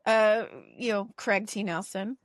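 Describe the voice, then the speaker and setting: A woman's voice: medium pitch, steady tone, unhurried, dry recording, studio quality. A woman co-hosting a podcast in casual chat, acting out quotes and laughing often. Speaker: podcast co-host.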